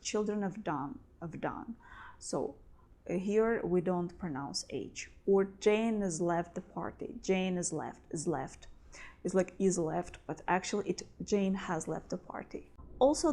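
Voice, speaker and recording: Woman teaching english pronunciation, not a native speaker, slow careful explaining, says each example over and over. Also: medium pitch, mellow. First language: non-native English speaker. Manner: slow, careful, repeats example phrases several times. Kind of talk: explanatory language lesson.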